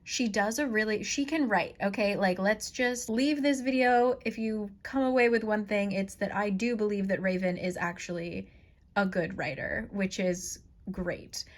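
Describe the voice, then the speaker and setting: A woman chatting casually and bluntly as she reviews a book she is reading, with excitable outbursts and free swearing. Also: mid-range voice, measured pace.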